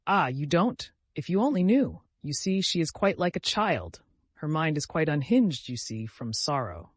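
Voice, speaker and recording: A man's voice: a little high, very animated, moderate pace, husky, no room sound. A man voicing a timid, devout young woman who speaks in an earnest, pleading, distressed way.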